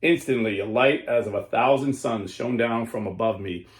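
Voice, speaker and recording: A man hosting a Catholic commentary show, reading a historical account dramatically and then explaining it plainly. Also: medium pitch. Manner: slows and stresses lines when reading aloud, then explains plainly. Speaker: host of a Catholic commentary channel. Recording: roomy echo.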